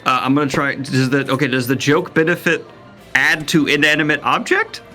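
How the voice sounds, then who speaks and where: A man's voice: fairly high pitch, expressive, fairly quick, pushed and bright, soft background music. A man playing a tabletop game, cracking dry jokes and asking about the rules. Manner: dry jokes, asks rule questions. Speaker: player. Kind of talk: casual tabletop game play.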